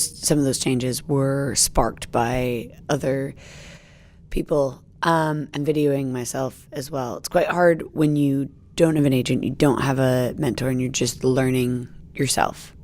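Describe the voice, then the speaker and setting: American comedian lady chatting on a podcast, super low voice, a bit of vocal fry, rambly with lots of ums. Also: a little mellow. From United States. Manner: chatty, rambling with fillers and self-corrections. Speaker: stand-up comedian guest. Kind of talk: casual reflective chat.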